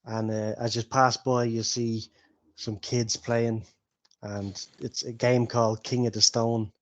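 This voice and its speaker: A man narrates a tabletop role-play as its game master. He tells the story in a loose, rambling way and laughs often. His voice has an ordinary middle pitch. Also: level tone, slow pace.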